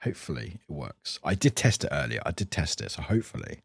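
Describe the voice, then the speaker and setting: Chatty, lively-voiced man streaming. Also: very deep voice, fast, creaky, husky. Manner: chatty and upbeat, greets viewers, laughs often. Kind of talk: casual live-stream chat while playing a word game. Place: home room with a cat nearby.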